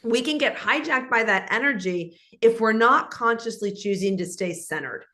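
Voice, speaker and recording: Animated woman coaching guest. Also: a little high, normal speed. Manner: animated and instructive, acting out example dialogue. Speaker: guest, leadership speaker. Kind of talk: conversational interview.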